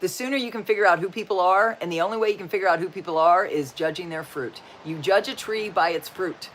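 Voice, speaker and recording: Talking quickly in a slightly bright voice on the low side, a sixty-something livestream host keeps things chatty and folksy. She's upbeat, tells corny jokes, and often throws in "just saying."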